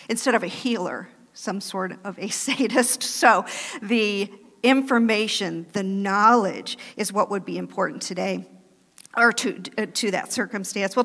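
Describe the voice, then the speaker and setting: A woman preaching a sermon in a church, loud and animated, with laughing asides. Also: medium pitch. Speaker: guest preacher. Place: church sanctuary. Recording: long hall reverb.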